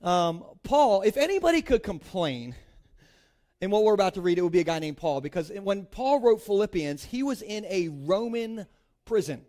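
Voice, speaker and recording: The speaker is a pastor from Delaware, United States, a man in his thirties with a high-pitched, warm, sing-song voice at normal speed. Chatty and joking, he preaches to a congregation from a church stage, sprinkling in "like" and playful asides.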